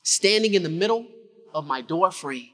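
A man's voice: high voice, animated, moderate pace, a bit bright. A man giving a motivational keynote, telling his story dramatically and drawing the audience into call-and-response. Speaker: keynote speaker. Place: large conference hall. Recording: reverberant conference hall.

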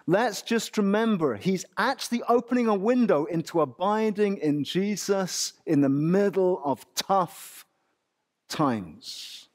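Male English pastor, high and lively voice, unhurried sermon delivery full of rhetorical questions. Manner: animated preaching with rhetorical questions.

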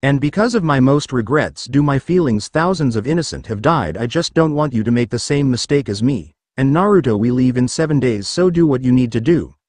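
A man's voice: mid-range voice, lively intonation, fairly quick, hardly any pauses, darkish tone, no echo, lightly acted. A man voicing an older male ninja sage mentor, stern and teasing in a read-aloud fan story. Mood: lecturing.

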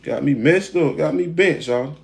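A man's voice: a little high, moderate pace, vocal fry. A man, teasing a family member in casual vlog banter. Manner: teasing, drawling Southern slang.

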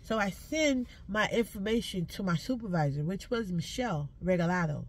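A woman's voice: on the high side, a bit bright. A woman ranting to camera from inside a car, emphatic and full of curse words, preaching between complaints. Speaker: social media creator.

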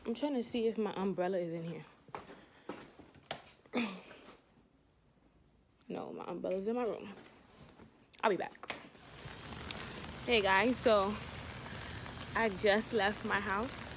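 A woman's voice: medium pitch, slow, long pauses. A young woman chatting casually to her vlog viewers, rambling and calling them y'all, filmed at home and then out on a rainy street. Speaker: vlogger. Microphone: clip-on mic and phone camera. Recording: noisy phone vlog audio.

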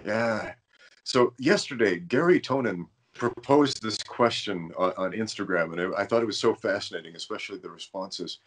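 A man's voice: lowish voice, moderate pace. A man hosting a podcast, telling a rambling story in casual conversation and stumbling over his words now and then. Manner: rambling storyteller, self-aware about stuttering. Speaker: podcast host.

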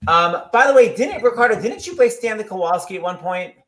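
A man hosting a casual livestream chat over a video call. His voice sits high and swings widely in pitch. He talks in a playful, teasing way and often jokes with his guests. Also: lively intonation, fairly bright tone. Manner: playful, teasing, quick to joke. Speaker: host.

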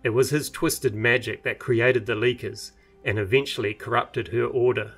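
Gravelly man narrating his fantasy novel. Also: medium pitch, soft background music. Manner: measured, even storytelling. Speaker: author reading his novel. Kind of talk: audiobook narration.

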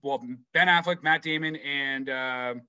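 A man co-hosting a casual movie podcast, who swears often and talks in an animated, playful way. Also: mid-range voice, a little slow, clear, resonant tone, no room sound, lo-fi sound. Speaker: podcast co-host. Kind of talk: casual chat.

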